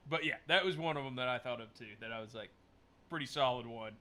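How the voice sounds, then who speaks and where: Regular co-host, mid-pitched man with a very sharp, bright voice, chatty storyteller. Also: fast talker. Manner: storytelling, laughs while retelling scenes. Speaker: podcast co-host. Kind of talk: casual movie chat.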